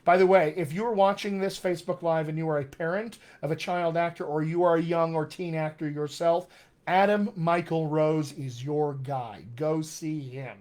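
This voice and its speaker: Brief cheerful male dialect coach, slightly higher voice, live-stream teaching. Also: fairly even intonation, moderate pace, darkish tone. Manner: upbeat, chatty, encouraging. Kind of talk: live-stream accent lesson reading comments.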